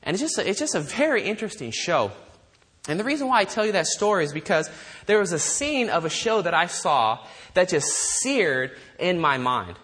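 A man preaching a sermon to a congregation, telling stories in an animated way, often restarting sentences and laughing. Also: high-pitched, normal speed. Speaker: pastor.

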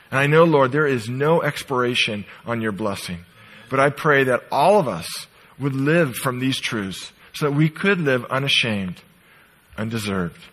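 Middle-aged male preacher, bright forceful tone with a husky edge, moves from loud to hushed. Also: medium pitch, poor audio. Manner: emphatic, swinging from loud to soft. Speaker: pastor. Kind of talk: sermon. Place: church sanctuary.

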